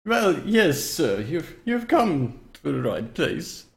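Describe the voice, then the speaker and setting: A man's voice: on the high side, big pitch swings, slow pace, vocal fry, voice pushed up, heavily acted. A man voicing a very old, polite male necromancer hermit who fusses over his visitors. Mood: flustered. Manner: dithering, overly courteous old gentleman.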